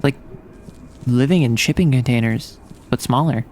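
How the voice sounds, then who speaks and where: A man's voice: medium pitch, normal speed, a little mellow, slight background noise. A man streaming a game and talking through it in a playful, chatty way, reacting to everything with big, exaggerated responses. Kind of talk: casual game commentary.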